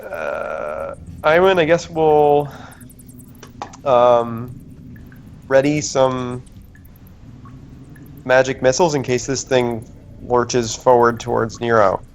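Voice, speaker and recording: A man's voice: mid-range voice, expressive, slow pace, long pauses, slight background noise. A man playing a tabletop game, stating his plan tentatively with many fillers. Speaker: player. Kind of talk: tabletop role-play.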